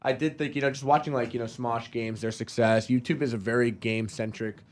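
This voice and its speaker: Relaxed man guest, halting talk. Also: medium pitch. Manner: relaxed, filler-heavy, halting. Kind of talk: casual podcast chat.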